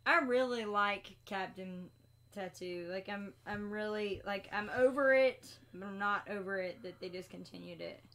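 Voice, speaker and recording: A woman's voice: medium pitch, moderate pace, fairly bright tone. A woman co-hosting a casual live stream, teasing her partner and laughing often. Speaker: co-host of a homestead live stream. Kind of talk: casual chat.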